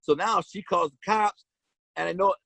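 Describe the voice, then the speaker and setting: A man's voice: sits high, normal speed, gravelly, a bit bright, dry recording, low-quality recording. A man casually telling his own story in blunt street slang, with frequent restarts.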